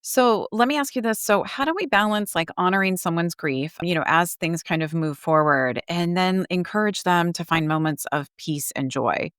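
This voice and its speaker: A woman's voice: on the low side, moderate pace, few pauses, a bit bright, clean tone, no echo, clean studio sound. A woman hosting a podcast, talking casually and chattily with frequent fillers. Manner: chatty, lots of "like" and "you know". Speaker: podcast host.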